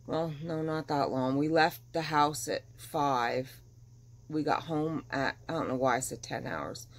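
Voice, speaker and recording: A middle-aged woman vlogging at home in a casual chat, chatty and animated, getting over the flu. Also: deep voice, unhurried. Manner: chatty and animated, dramatic retelling. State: recovering from flu. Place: at home, windows open.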